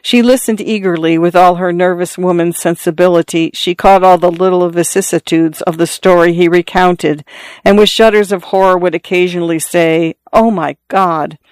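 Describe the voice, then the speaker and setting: A measured audiobook narrator reads a classic tale with steady, even storytelling. The voice is smooth and resonant. It sits close and dry on a studio mic with no room around it. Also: medium pitch, no room sound.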